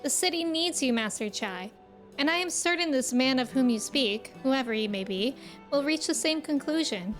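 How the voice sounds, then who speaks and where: A poised young noble envoy who speaks with formal courtesy, read aloud by a woman in her own high voice. The lines come from a fantasy game. Faint music sits behind. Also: animated, normal speed. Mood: courteous.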